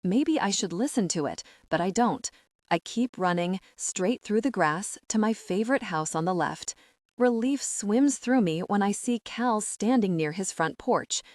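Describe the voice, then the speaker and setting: A woman reading a romance audiobook as emotive first-person scripted narration, with measured, dramatic slowdowns. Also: medium pitch, lively intonation, a little mellow, dry recording, clean studio sound.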